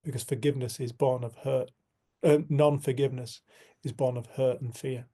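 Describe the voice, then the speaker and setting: In a mid-range, steady voice, a man addresses a community group with a sincere, reflective spiritual talk, recounting something from his own life. Now and then he slows down and speaks softly.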